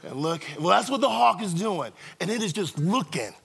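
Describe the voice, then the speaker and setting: Animated, husky-voiced male preacher. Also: sits high, normal speed. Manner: animated storyteller, addresses congregation directly. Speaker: pastor. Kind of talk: sermon with storytelling.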